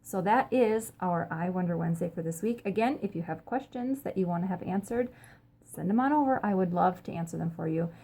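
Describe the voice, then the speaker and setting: A woman's voice: on the low side, brisk, mellow. Chatty upbeat woman pastor. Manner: chatty and upbeat, with frequent ums. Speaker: pastor and host of a short church video series. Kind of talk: casual teaching talk to camera.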